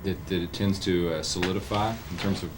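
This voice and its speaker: A man interviewing, asking questions haltingly with many restarts, heard from off mic on an old tape. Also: low-pitched, fairly even intonation. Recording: distant off-mic voice with background noise.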